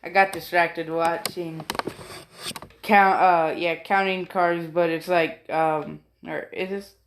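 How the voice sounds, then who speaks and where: A woman rambles through a story at an unhurried pace, in a voice that sits a little low. She keeps apologizing, loses her thread, and swears offhandedly. The sound is roomy and echoey. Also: steady tone. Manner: distracted, apologetic, swears casually. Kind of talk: rambling casual narration. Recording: roomy echo.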